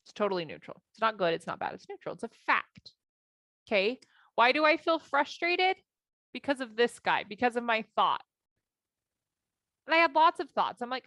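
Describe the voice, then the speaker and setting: A woman life coach telling a personal story to her audience in a lively, conversational way, acting out her own thoughts. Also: on the high side, normal speed, no room sound, studio quality. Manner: animated, acts out her own thoughts in quotes.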